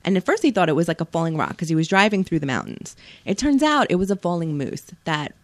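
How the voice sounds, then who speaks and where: A podcast co-host running through strange news items in a plain, casual telling. The voice sits at a middle pitch. It is recorded close and dry, with no room around it. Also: big pitch swings, fast talker, no room sound. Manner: brings up strange news stories, tells them plainly. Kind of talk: casual comedic news banter.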